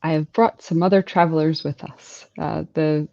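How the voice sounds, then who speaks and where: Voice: mid-range voice, steady tone, normal speed, vocal fry, warm tone. A tabletop player roleplaying their character, speaking hesitantly with fillers. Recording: dull lo-fi audio.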